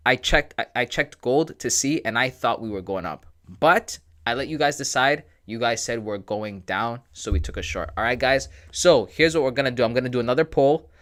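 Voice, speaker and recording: A man's voice: mid-range voice, moderate pace, hardly any pauses, fairly bright tone. Man, livestream host, casual and slangy, joking, reads chat aloud.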